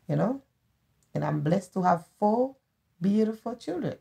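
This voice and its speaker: Gravelly middle-aged Haitian woman. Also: medium pitch, animated, a little slow, long pauses, mellow. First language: Haitian Creole. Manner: earnest and heartfelt, repeats her phrases. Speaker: guest, host's mother. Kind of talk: casual conversation.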